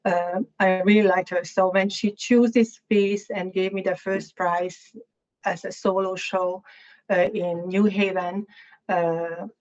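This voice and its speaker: A guest artist lecturer, a woman with a Hungarian accent, talks candidly about her own work to an audience, halting and searching for words. Her middle-pitched voice is level, a little mellow, and slightly hoarse, and she clears her throat. The recording is somewhat dull and muffled.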